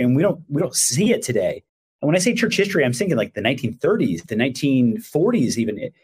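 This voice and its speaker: A middle-aged man, a religion teacher, telling animated anecdotes in an interview and acting out the voices of the people in them. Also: medium pitch, slightly rough. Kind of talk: conversational storytelling.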